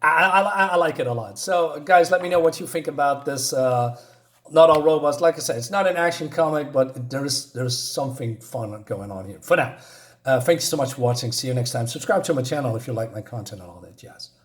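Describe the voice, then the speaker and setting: A man's voice: mid-range voice, a little fast. A man casually reviewing a comic book on his channel, talking in a loose, hesitant, rambling way as he recaps the story.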